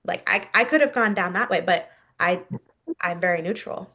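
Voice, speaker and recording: A woman in her thirties with a slightly low voice speaks as a podcast guest. She tells a personal story in a candid, open way and breaks into laughs now and then. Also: normal speed, pushed and bright. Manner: candid, laughs often while telling a story.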